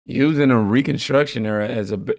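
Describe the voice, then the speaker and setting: A man's voice: mid-range voice, a little fast, darkish tone, dry recording, studio quality. A man hosting a reaction channel, laid-back, reading viewer comments aloud and riffing on them.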